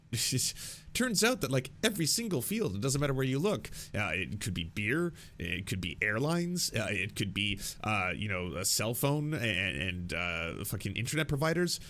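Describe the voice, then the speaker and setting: A man's voice: mid-range voice, fairly bright tone, a little hiss or hum. A young man hosting political commentary, ranting in a sarcastic, exasperated way and swearing freely.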